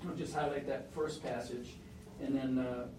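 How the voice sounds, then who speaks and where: A man preaching a sermon, telling a story with emphatic rises and soft, hushed moments. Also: mid-range voice, flat delivery, moderate pace, noisy background. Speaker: pastor. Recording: roomy echo, mic at a distance.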